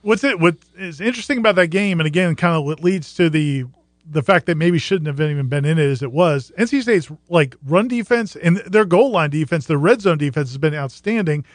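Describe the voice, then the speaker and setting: Fast-talking high-voiced male co-host. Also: dry recording. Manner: rapid, energetic, pitches sponsor. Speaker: sports talk show co-host. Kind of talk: casual sports chat with ad reads.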